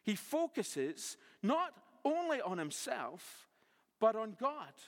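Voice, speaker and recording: A man's voice: high-pitched, sing-song, slow pace, long reverb tail. A man preaching a sermon, explaining a Bible passage verse by verse and asking rhetorical questions.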